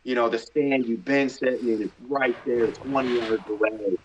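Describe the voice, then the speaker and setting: A middle-aged man from the Midwest telling a story in a casual interview, animated and excitable, acting out his own thoughts. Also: medium pitch, moderate pace, slightly rough. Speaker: hunting show host, podcast guest. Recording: slightly dull podcast audio.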